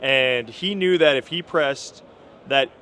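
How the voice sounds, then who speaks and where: A man's voice: mid-range voice, slow, pushed and bright, a little hiss or hum. A man in his thirties from Minnesota, with a Minnesota accent, answering interview questions in an easygoing, modest way with lots of ums. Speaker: NFL wide receiver, guest.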